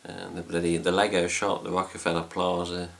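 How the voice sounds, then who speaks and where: A man's voice: deep voice, completely flat delivery, brisk, gravelly. A man with an English accent chatting casually to camera about a trip, rambling with fillers and mild swearing. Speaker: fan site vlogger. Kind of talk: casual chat.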